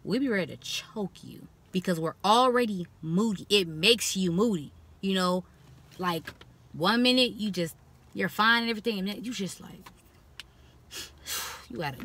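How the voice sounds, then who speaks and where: A young adult woman vlogs casually to the camera in a fairly high voice, captured in a dry recording. She's frank and blunt, animated and expressive, mimicking in mocking voices the things people say to her.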